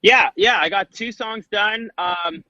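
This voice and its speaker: A man talks in a forceful, bright voice, loose and jokey, rambling through ideas as a podcast guest. The sound is dull and lo-fi, and the room is dry. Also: high voice, slow, dry recording. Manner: laid-back, jokey, rambling. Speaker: musician guest. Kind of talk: casual podcast chat.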